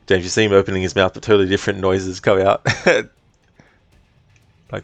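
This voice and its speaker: A man's voice: sits low, fast talker, dry recording, faint music behind. A man streaming a game, chatting casually, reading chat aloud and swearing now and then. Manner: relaxed, chatty, reads chat aloud, swears, laughs often.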